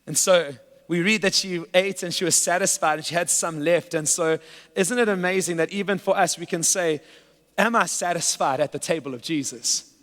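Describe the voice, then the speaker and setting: A man's voice: high-pitched, moderate pace, fairly bright tone. A man preaching a sermon as pastor, earnest and at times playful with laughter. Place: church sanctuary. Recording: church hall with long reverb.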